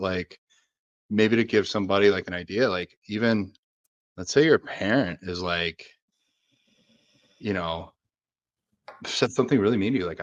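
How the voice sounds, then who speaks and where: A man's voice: on the low side, highs cut off. A man co-hosting a podcast, talking casually and searching aloud for examples as he rambles. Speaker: podcast co-host.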